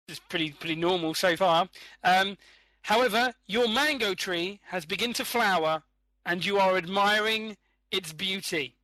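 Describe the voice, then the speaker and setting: A man hosting a casual online game show, chatty and quick to laugh. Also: high-pitched, pushed and bright, no room sound. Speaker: game host.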